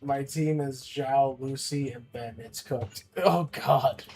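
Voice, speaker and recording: A man streaming a game live, chatting casually, grumbling and swearing, then cheering loudly at wins. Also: mid-range voice, slow, faint music behind. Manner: swings between grumbling and excited cheering, swears often. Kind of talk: live-streamed gaming chat.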